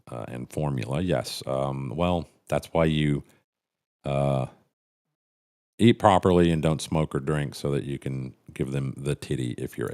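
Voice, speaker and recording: Deep-voiced middle-aged man, livestream host, casual rambling chat, profane, cynical, stumbling restarts. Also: darkish tone.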